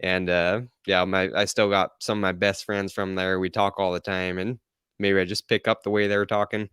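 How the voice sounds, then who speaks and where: A man from Utah, answering interview questions in a relaxed, easygoing way and laughing often. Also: deep voice, normal speed, smooth, no room sound, clean studio sound. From Utah, United States. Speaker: podcast host as interview guest. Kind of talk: live-streamed interview.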